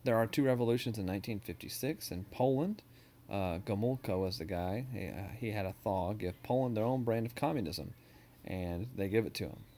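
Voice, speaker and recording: A man's voice: fairly low pitch, brisk, mellow, a little hiss or hum. A man history teacher giving a casual, joking recorded lecture over slides, with many ums and uhs.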